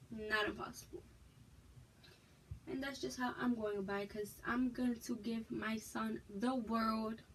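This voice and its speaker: A pregnant young vlogger from Massachusetts, expecting a child, frankly and emphatically shares her personal story with viewers in a casual vlog. Her voice is fairly high, and the poor audio carries a slight hiss or hum.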